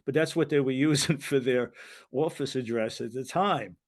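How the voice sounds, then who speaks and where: A man's voice: mid-range voice, normal speed. An older American man, a former wrestling referee, telling long stories in an interview, rambling with restarts and acting out quoted voices. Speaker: guest, retired wrestling referee. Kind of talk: anecdotal interview storytelling.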